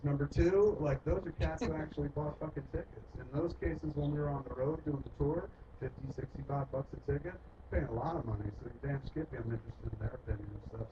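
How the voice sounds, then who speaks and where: A man, a filmmaker, telling stories in casual, profane talk, swearing often and acting out the voices of people he quotes. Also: medium pitch. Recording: distant muffled recording with loud noise.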